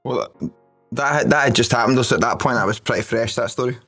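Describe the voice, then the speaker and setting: A Scottish man in easy podcast chat, rambling through stories, swearing freely and laughing along the way. His voice sits at an ordinary middle pitch, with faint music underneath. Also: fast, a bit bright, husky. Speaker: podcast host. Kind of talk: casual chat.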